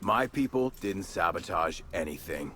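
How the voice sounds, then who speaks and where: A man's voice: low voice, expressive, normal speed, fairly bright tone, a little hiss or hum. An actor playing a haughty, condescending male security agent in a video game.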